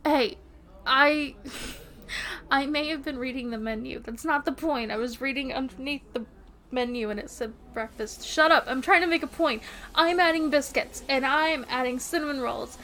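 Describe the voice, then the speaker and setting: A woman's voice: sits high, normal speed, pushed and bright. A woman playing a playful, teasing young girlfriend in a romantic audio role-play, giggling often.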